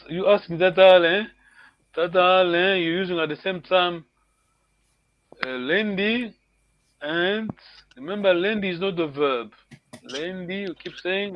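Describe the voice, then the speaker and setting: A man's voice: high-pitched, highs cut off, slight background noise. A man teaching a language class online, correcting students patiently and encouraging them.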